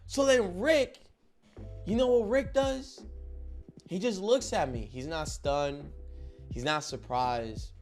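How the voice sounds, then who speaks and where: A young man telling a story in a casual vlog, animated and full of slang, often turning to his listeners to check they are with him. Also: fairly high pitch, takes it slowly, faint music behind.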